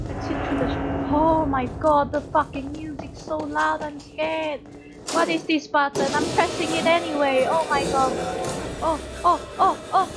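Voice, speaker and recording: A woman commenting on a horror game as she plays, panicky and swearing, shrieking and laughing nervously. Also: high voice. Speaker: gamer. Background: game music.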